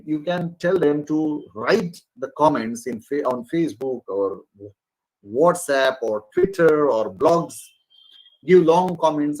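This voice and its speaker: A man giving an online faculty training lecture, expressive and often pausing with fillers. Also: fairly high pitch, low-quality recording. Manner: expressive, animated, with frequent fillers. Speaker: college lecturer.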